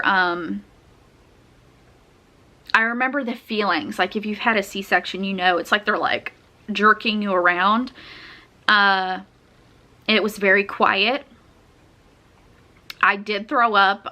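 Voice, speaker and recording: A woman's voice: mid-range voice, bright, forceful tone. A young woman chatting casually, telling a personal story with lots of fillers and frequent laughs. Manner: chatty, laughs often, uses many fillers. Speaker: vlogger telling her birth story.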